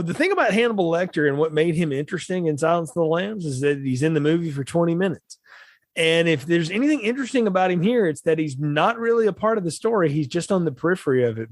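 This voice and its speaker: A man co-hosting a film podcast in casual discussion, animated and laughing often. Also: no room sound, studio quality. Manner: animated, laughs often, swings pitch widely. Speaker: podcast co-host.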